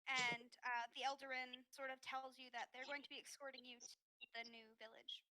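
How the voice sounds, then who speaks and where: A woman's voice: high voice, little pitch movement, fairly quick, pushed and bright, rough recording. A woman narrating as game master of a tabletop game, chatty and full of fillers. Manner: chatty, filler-heavy, giggly.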